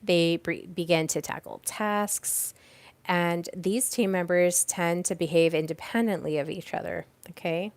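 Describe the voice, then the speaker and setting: This is an informal teaching session on teamwork for a live audience, led by a woman podcast host speaking on a call from her fireplace-lit home. She talks casually, with restarts and examples. Her fairly low voice stays steady and unhurried, and there's no echo.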